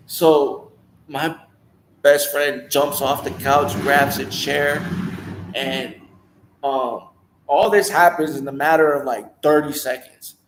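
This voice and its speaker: A man's voice: mid-range voice, vocal fry, echoey room, low-quality recording. A man telling a personal story in a casual, rambling way, full of "you know" asides. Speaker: storyteller sharing his life story.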